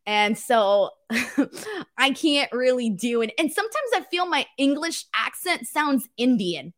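A woman's voice: sits high, sing-song, slow pace, a bit bright. A woman from California with a Valley girl accent, hosting a wrestling show in a casual, self-mocking livestream chat with her viewers.

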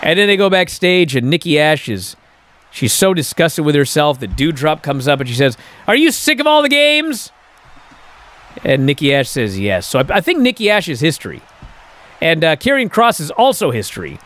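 Animated man recapping the show. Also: a little high, fairly quick. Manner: animated, incredulous storytelling with many fillers. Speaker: podcast host.

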